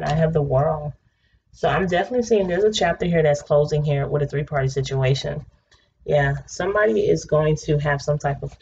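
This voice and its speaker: Woman, low gravelly voice, casual tarot reader, chatty and blunt with swearing, slightly muffled recording. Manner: chatty, swears freely, breaks into excited laughter. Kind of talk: casual tarot reading monologue. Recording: slightly dull home recording with faint noise.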